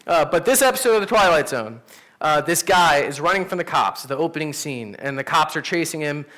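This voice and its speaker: A man, a pastor, teaching an adult Sunday class in a church room, telling stories in a casual, animated way. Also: on the high side, a little fast. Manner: animated, storytelling, conversational with fillers. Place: church classroom with teens present.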